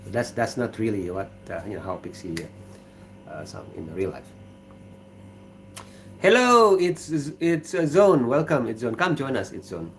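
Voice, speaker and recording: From his kitchen, a livestream host from Indonesia chats casually in an Indonesian accent, speaking haltingly and relaxed as he reads out viewer comments. His medium-pitched voice comes with a little hiss or hum.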